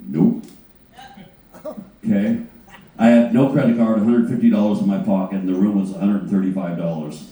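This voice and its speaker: Man telling an animated story in an echoey room. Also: on the low side. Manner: animated, profane, halting restarts. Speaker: guitarist panel guest. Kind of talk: anecdote storytelling. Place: panel on a cruise ship. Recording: distant mic, very echoey room.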